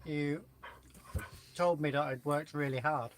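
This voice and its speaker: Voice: medium pitch, steady tone, a little slow, background noise. A host from England chatting casually on a live chat, talking with a mouthful and apologising while eating cake.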